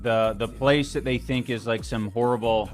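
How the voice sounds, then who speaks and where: A man's voice: mid-range voice, fairly even intonation, normal speed. A man on a livestream angrily defends his side with heavy swearing. Faint music sits behind his voice. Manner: angry, profane outbursts.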